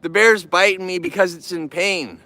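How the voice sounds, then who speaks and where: A man's voice: high-pitched, steady tone, normal speed, sharp tone, dry recording. A man vlogging casually to the camera about his bears, in an emotional, rambling and earnest way, at times turning bitter and heated. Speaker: vlogger who keeps bears.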